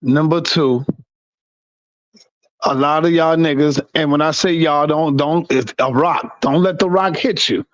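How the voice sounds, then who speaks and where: A man's voice: fairly high pitch, a little slow. A man lecturing a group in a heated, profane rant during a panel debate. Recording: dull lo-fi sound.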